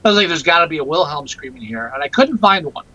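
High-voiced guy gabbing about a film on a podcast, bright sound, pitch bouncing all over. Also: fast talker, highs cut off. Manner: rambling, restarts often, animated. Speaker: podcast co-host. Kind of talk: casual movie-review chat.

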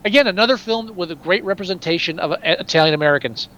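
A man co-hosting a casual film discussion, animated and profane, often trailing off and restarting mid-sentence. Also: sits high, fast, highs cut off, a little hiss or hum.

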